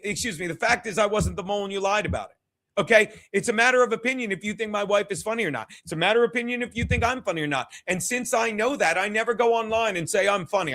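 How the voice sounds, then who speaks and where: A man's voice: high-pitched, pushed and bright. A stand-up comedian, a man, giving a rambling, profane, combative rant as stream commentary.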